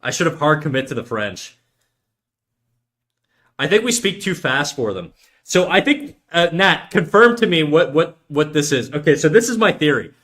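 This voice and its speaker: A man's voice: fairly high pitch, big pitch swings, moderate pace, fairly bright tone. A young man from Canada with a Canadian accent, chatting casually and joking while he draws on stream, rambling and swearing freely. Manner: rambling, profane, joking storyteller. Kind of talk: casual chat while drawing.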